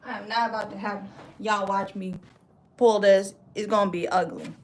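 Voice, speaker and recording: A woman's voice: mid-range voice, steady tone, moderate pace, echoey room, far from the mic, slight background noise, low-quality recording. A woman vlogger chatting casually to herself while she fiddles with her craft supplies. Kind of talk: casual vlog chat.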